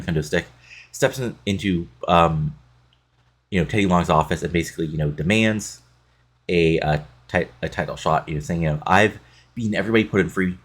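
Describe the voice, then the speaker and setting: A man's voice: low voice, moderate pace, a bit bright. A man casually recapping a wrestling sim game, rambling with many fillers. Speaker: game playthrough narrator.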